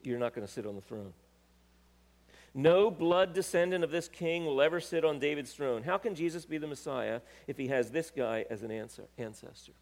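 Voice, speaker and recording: Preaching man in an echoing hall. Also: a little high. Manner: reads scripture aloud with rising emphasis, halting self-corrections. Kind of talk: sermon. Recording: long reverb of a large hall.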